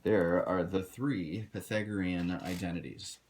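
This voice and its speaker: A man's voice: low-pitched, fairly even intonation, measured pace, darkish tone, slight background noise. A man teaching a recorded math lesson, direct and instructive, talking to his students. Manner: direct, instructive, addresses students as you guys.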